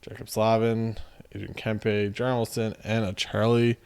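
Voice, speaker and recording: Low-voiced man chatting through card packs. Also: level tone, a little mellow, clean tone. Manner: chatty and joking, listing names in quick runs. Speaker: card-opening channel host. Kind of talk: casual commentary while opening card packs.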